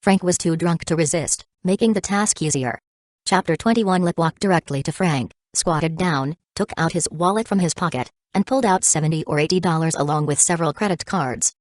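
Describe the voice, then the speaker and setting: A woman narrating an audiobook in a steady, even reading. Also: low-pitched, brisk, no echo, clean studio sound. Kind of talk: scripted narration.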